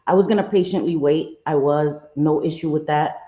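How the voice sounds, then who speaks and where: A woman's voice: low-pitched, moderate pace, dark tone, highs cut off. A woman hosting a casual livestream, apologetic and chatty, greeting her viewers one by one. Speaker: livestream host.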